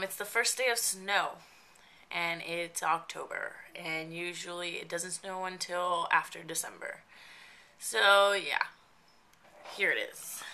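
Young woman vlogger, congested and a bit raspy, bright low-pitched voice, rambling casual update. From New Jersey. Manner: chatty, rambling with many fillers. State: stuffy nose, slightly raspy. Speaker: makeup vlogger.

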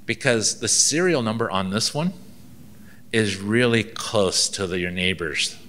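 A man with a low-leaning, bright and forceful voice gives a seminar, drifting into anecdotes. He acts out little exchanges with a dry, wry sense of humor. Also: animated, unhurried, a little hiss or hum. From Canada. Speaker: ministry inspector giving a seminar.

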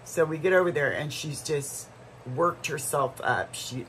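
A woman's voice: rumbling low, normal speed, slight background noise, low-quality recording. A middle-aged woman vlogger telling a story in a casual, rambling way, full of asides and restarts.

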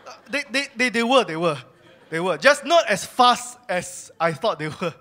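A man's voice: high voice, expressive, moderate pace, bright, forceful tone. A young man giving a personal testimony sermon at church, telling his story candidly and confessing his own faults. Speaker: church speaker sharing testimony.

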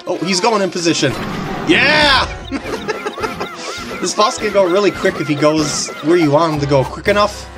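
A video game commentator talking casually through a playthrough, excitable and giggling often, over game music. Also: mid-range voice, normal speed. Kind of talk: casual let's-play commentary.

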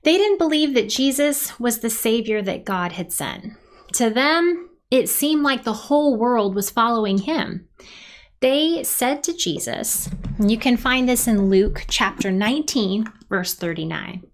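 A woman leading a children's worship service, telling a Bible story with lively sound effects and cheers for the kids to join. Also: fairly high pitch, measured pace. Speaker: children's ministry leader.

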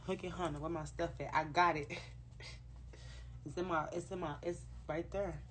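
A woman's voice: fairly low pitch, steady tone, normal speed, a bit bright, slight background noise. A woman chatting loosely and profanely to fans on a livestream, recorded on a phone. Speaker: rapper on a livestream. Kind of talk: casual livestream chat to fans.

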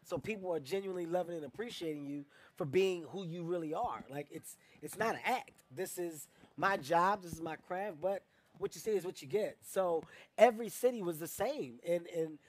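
A man from Philadelphia, a comedian guest talking in an interview, energetic and animated, often breaking into laughter as he tells stories. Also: high voice, moderate pace. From Philadelphia, United States. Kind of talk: interview chat and storytelling.

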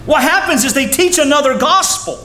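A man's voice: animated, a little fast, pushed and bright. A man preaching a sermon as a pastor. His voice climbs and falls sharply as he preaches. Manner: preaching with sudden rises and drops in pitch. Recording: echoey room sound with faint noise.

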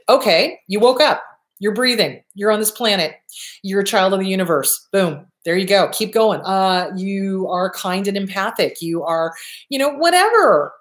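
A woman therapist hosting a show, answering viewer questions in a blunt, animated way, with casual swearing. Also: medium pitch.

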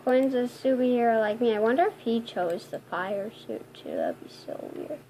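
A woman hosting gameplay commentary, talking excitably with frequent squealing exclamations. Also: fairly high pitch, moderate pace, slight background noise. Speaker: gaming video host.

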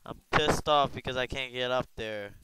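A man's voice: medium pitch, moderate pace, noisy background. Frustrated gamer man cursing at the game. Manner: frustrated, cursing, talks to himself. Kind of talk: let's play commentary.

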